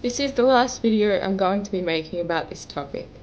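A woman's voice: medium pitch, animated, a little fast, darkish tone, highs cut off, a little hiss or hum. A young woman vlogger making an emotional message to camera, pleading and tearful, her voice breaking as she cries at times. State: crying at times.

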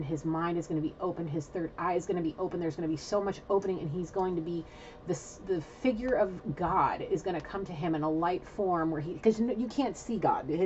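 Excitable low-voiced woman doing a reading. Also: muffled recording, a little hiss or hum. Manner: excitable, rambling, swears, talks to viewers directly. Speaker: intuitive reader. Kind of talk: casual spiritual reading to camera.

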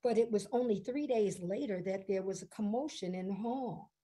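A woman storyteller telling a story to families in an expressive, unhurried way. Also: medium pitch.

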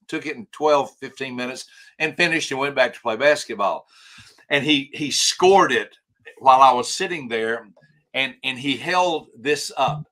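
An older man with a bright, forceful voice tells a story as a podcast guest. He is animated and acts out each quoted line, stumbling over his restarts as he goes. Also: medium pitch. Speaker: guest, author and trainer.

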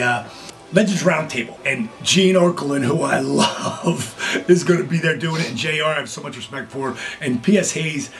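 A middle-aged man hosting his own video blog, telling casual stories with lively acted-out quotes. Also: medium pitch. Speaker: vlog host, former wrestler. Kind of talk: casual storytelling.

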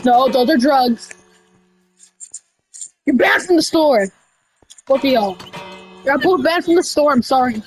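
A woman doing casual game role-play over voice chat, rambling with restarts and breaking into sudden high shouts. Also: expressive, a little slow, long pauses, soft background music, low-quality recording. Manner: rambling, with many restarts and y'all. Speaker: roleplayer running a candy store character.

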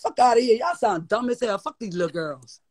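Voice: mid-range voice, big pitch swings, fairly quick, darkish tone, no echo. A guest with a New Orleans accent ranting on a live stream, profane, defiant and mocking, repeating insults. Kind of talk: heated live-stream rant.

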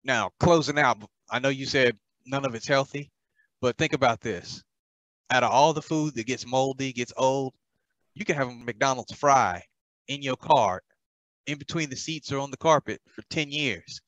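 A man's voice: mid-range voice, moderate pace, fairly bright tone, dry recording, muffled recording. A man co-hosting a podcast, teasing his co-host with dry, blunt remarks during casual banter.

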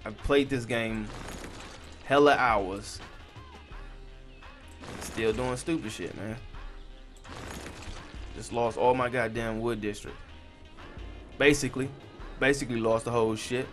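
A man's voice: mid-range voice, slow, pauses often. Young male gaming host, casual and profane commentary over faint game music. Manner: frustrated, swears a lot, talks to the viewers. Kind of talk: casual let's-play commentary.

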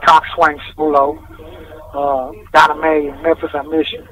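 A man's voice: fairly high pitch, little pitch movement, normal speed, fairly bright tone. A man calling in from jail, rambling through a story in casual street slang with heavy swearing. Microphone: phone call. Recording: distant, noisy phone line from jail.

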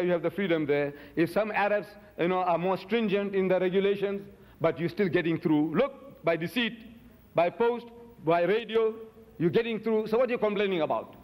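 An older man giving a public religious lecture, forceful and indignant, firing rhetorical questions at his audience. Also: high-pitched. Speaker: Islamic preacher. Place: lecture hall in the USA. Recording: lecture hall with long reverb.

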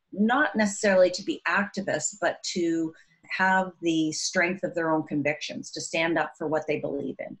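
Low-voiced woman educator, earnest interview talk. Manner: earnest, animated when telling classroom stories. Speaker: author and educator. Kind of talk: recorded interview.

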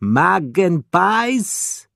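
A man reading a storybook, voicing a blunt, stubborn local man who speaks broken English slowly. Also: high-pitched, very animated, gravelly, fairly bright tone, dry recording, studio quality, pitched above the performer's own voice, heavily acted.

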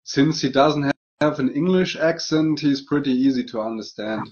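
A man from Germany, speaking as a guest in a casual chat, measured and thoughtful. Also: medium pitch, a little mellow, husky. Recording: dull lo-fi sound.

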